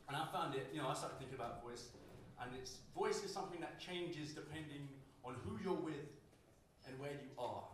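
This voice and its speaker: A man's voice: on the high side, normal speed, a little hiss or hum. A young British man from the UK performing spoken word poetry at a live poetry night, rhythmic and dryly humorous. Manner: rhythmic, dry humor, shifting emphasis. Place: live poetry night, roomy indoor venue. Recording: very echoey room, mic far off.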